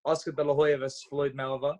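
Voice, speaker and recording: Animated man telling stories. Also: mid-range voice, fast talker. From Australia. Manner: animated storyteller, acts out dialogue, frequent fillers and restarts. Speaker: podcast guest, former boxer. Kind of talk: casual interview storytelling.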